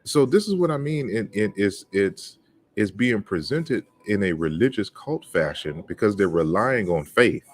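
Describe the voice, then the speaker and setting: A man's voice: fairly low pitch, animated, measured pace. A man hosting an open forum discussion, talking bluntly and emphatically, often repeating words as he starts a thought. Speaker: host.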